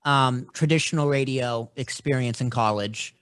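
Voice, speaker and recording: A man's voice: medium pitch, moderate pace, a bit bright, clean tone, no room sound, clean studio sound. A man in his thirties with a Boston accent, hosting a podcast interview in a brash, blunt, casual way. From Boston, USA. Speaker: podcast host. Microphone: studio microphone.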